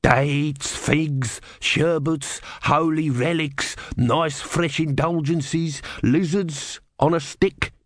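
A man's voice: on the high side, expressive, slow pace, no room sound, clean studio sound, voice pushed up. A man voicing a hopeful street vendor with a wheedling sales patter. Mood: hawking.

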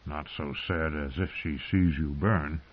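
A man voicing a weathered older male smuggler lord who talks low, plain and firm. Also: steady tone, a little slow. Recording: tinny phone-like sound.

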